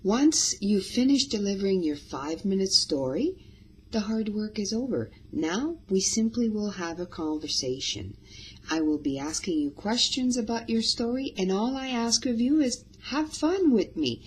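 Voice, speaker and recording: A woman podcast host giving guests friendly instructions, expressive and demonstrating examples with her voice. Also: mid-range voice, moderate pace, husky, rough recording.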